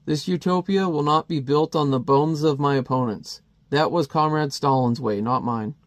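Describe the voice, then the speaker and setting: A man reading the lines of a calm, lofty male superhero who rules a country, in a comic. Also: on the high side, normal speed, dry recording, natural voice.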